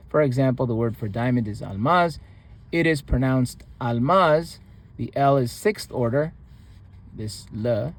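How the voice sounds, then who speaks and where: A man giving a relaxed spoken language lesson, reading from a book and repeating each word several times. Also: on the high side. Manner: repeats words slowly, with pauses and restarts. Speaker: language teacher.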